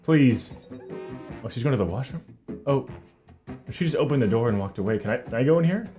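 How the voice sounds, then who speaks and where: Young male streamer, mid-pitched voice, jokey self-mocking play-by-play, faint music underneath. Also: a little fast, dull audio. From Canada. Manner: animated, self-mocking, jokey running commentary. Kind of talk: live gameplay commentary.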